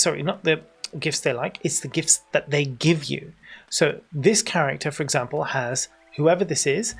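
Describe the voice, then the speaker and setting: A man's voice: on the high side, breathy edge. Chatty British man walking viewers through a game. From Britain. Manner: chatty, explains as he goes, talks to chat. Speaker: streamer. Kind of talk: livestream game tutorial commentary.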